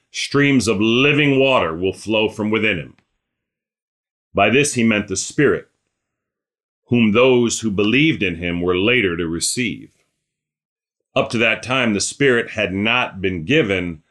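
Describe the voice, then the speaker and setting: A man's voice: lowish voice, a bit bright. A man leading a small Bible study, reading scripture aloud and explaining it in a conversational way, often checking in with his listeners. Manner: talks things through, often checks in with "right?".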